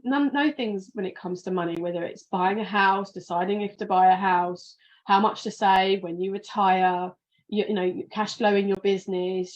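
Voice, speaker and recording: A woman's voice: mid-range voice, a little mellow, lo-fi sound. A sleepy British woman hosting a podcast, talking in a casual, rambling way and often restarting her sentences. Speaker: podcast host.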